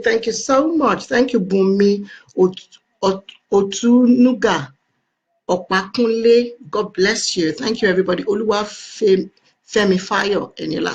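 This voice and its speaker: A woman's voice: medium pitch, lo-fi sound. A woman with a Nigerian accent hosting a casual live stream, effusively greeting and thanking her viewers.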